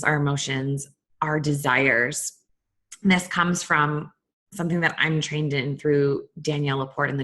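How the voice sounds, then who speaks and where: A young adult woman hosting a candid, conversational self-help talk. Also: fairly low pitch. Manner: candid, conversational, animated retellings. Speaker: host.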